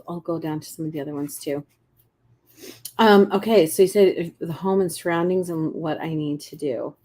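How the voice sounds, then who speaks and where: A woman coaching viewers on a casual live stream, chatty and animated, acting out little inner voices, with frequent restarts and throat clearing. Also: fairly low pitch. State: clearing her throat often. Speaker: intuitive coach hosting a live reading.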